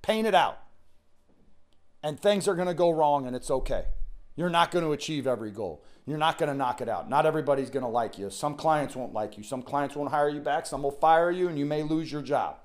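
A man's voice: a little high, fairly quick. A middle-aged man hosting a solo motivational podcast, talking in an earnest, rambling way that repeats itself and restarts often. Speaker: podcast host.

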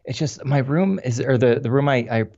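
A man's voice: medium pitch, a little fast, darkish tone. A man talking casually as a podcast guest, hesitant and restarting often, on a home mic in an echoey room. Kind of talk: casual conversation. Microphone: home podcast mic over video call. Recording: dull lo-fi call in an echoey room.

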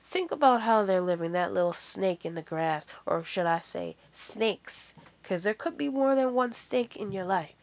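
A woman giving an informal sermon, emphatic and full of rhetorical questions. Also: medium pitch. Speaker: preacher.

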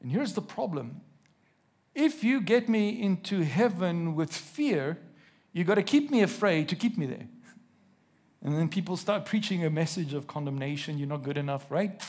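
A man preaching a sermon to a congregation in a church, reading scripture slowly and with emphasis, putting questions to his listeners and joking now and then. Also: a little high, animated, darkish tone.

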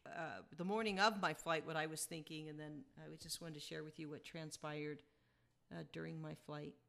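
A woman's voice: low-pitched, vocal fry, fairly bright tone. A woman podcast host telling a personal story in a chatty, reflective way and chuckling as she goes.

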